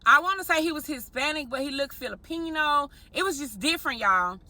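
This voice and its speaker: Married woman vlogging, high voice, chatty storytime, keeps saying y'all to viewers. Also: expressive, fairly quick, bright, forceful tone, dry recording. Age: adult, married. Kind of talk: storytime vlog, talking to viewers.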